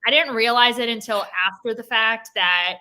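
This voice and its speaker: A young woman co-hosts a sports chat show, rambling with lots of fillers and gentle teasing. Her voice is bright and forceful. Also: a little high, moderate pace. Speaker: co-host. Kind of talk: casual chat.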